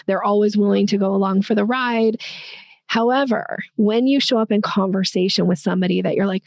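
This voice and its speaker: Gravelly-voiced woman coaching on sales. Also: medium pitch, a little fast, dry recording. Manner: clear step-by-step teaching, lively and conversational. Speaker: sales coach and podcast guest. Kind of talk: explaining a sales method in conversation.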